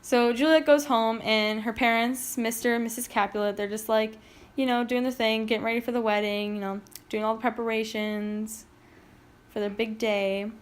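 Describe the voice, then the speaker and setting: A woman's voice: fairly high pitch, little pitch movement, normal speed, clear, resonant tone. A young woman casually retelling a play in slangy, laid-back words. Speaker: narrator.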